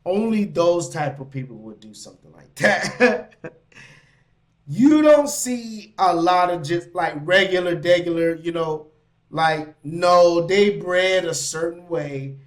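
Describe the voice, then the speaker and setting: A man's voice: sits high, slow pace. A man hosting a casual reaction stream, talking in loose slang, laughing and riffing on what he reads. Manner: animated, laughing, slangy asides. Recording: mic.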